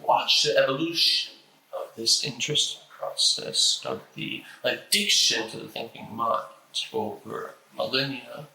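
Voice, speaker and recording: Man with a stutter, recited lecture, bright voice, slow deliberate pauses, echoey room. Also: medium pitch, vocal fry. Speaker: host reciting a famous lecture.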